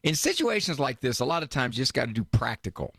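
A man's voice: mid-range voice, sing-song, fast, gravelly, fairly bright tone, slightly rough, no echo, studio quality. A man hosting a radio call-in advice show, joking and teasing his caller. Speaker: radio host, advice doctor.

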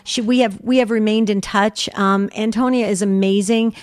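A woman's voice: medium pitch, fairly even intonation, moderate pace, darkish tone, dry recording, clean studio sound. A woman co-hosting a call-in talk show, upbeat as she reads out listener comments. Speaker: co-host. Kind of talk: casual radio talk show.

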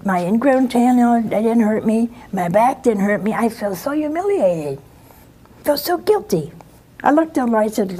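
An older nun giving an informal, homey spiritual talk, telling stories with blunt asides. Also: female voice, a little high, expressive, moderate pace, a little mellow, slight background noise. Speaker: nun and TV host.

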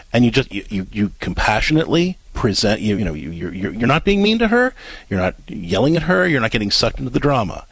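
Husky lowish guy on a radio advice show, dry close mic, keeps restarting sentences. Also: big pitch swings, a bit bright, no echo, rough recording. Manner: earnest, halting with many restarts. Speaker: radio host and counselor.

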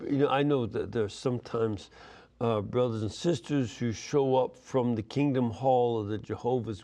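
A man's voice: medium pitch, vocal fry, mellow. A man teaching a scripture lesson, explaining carefully and stressing key phrases. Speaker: Bible teacher.

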